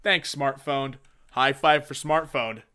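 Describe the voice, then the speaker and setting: A man's voice: mid-range voice, slow, smooth. A young man reading and joking about internet memes in comedic commentary, often slipping into silly voices. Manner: animated, jumps into silly voices for jokes.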